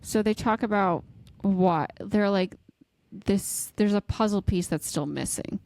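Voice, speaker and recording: Casual woman co-host, lively storyteller, mid-pitch, dry close mic. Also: measured pace, no echo. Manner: animated storyteller, laughs often, acts out quotes. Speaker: podcast co-host. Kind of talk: casual chat recapping a book.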